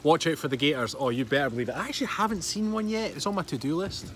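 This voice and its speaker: Scottish man, 30s, chatty livestream host, high lively voice, faint background noise. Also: racing. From Scotland. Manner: chatty, greets viewers, laughs often. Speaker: fitness coach and livestream host. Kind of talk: casual livestream chat. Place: by a hotel pool outdoors.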